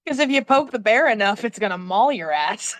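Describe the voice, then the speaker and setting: A woman's voice: medium pitch, animated, fairly quick, no echo. A woman playing a tabletop game on stream, exasperated, swearing and laughing often. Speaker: player.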